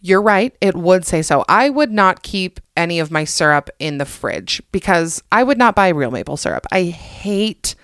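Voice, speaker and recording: Low, smooth-voiced woman joking around. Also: lively intonation, normal speed, hardly any pauses, fairly bright tone, no echo, clean studio sound. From United States. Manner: chatty, self-deprecating, jokey asides. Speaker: podcast host. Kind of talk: casual comedic monologue.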